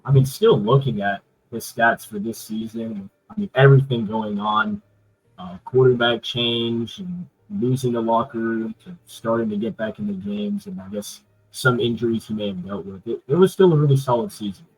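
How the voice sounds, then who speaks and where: Male sports podcast host, husky voice, rambling casual delivery. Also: medium pitch, expressive, moderate pace, poor audio. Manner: loose, rambling, many fillers.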